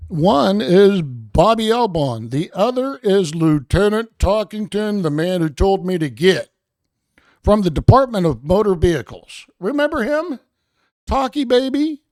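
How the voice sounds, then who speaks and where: Man, show host, sarcastic rambling commentary, swooping pitch, dead dry sound. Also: big pitch swings, unhurried, a little mellow, no echo. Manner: sarcastic, meandering, talks to chat.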